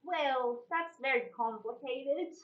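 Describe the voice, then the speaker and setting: Woman doing a hesitant young adventurer, fairly high, slow delivery, muffled and roomy sound. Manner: halting, full of ums and restarts. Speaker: tabletop game player. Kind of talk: in-character tabletop role-play. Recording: dull, echoey room recording.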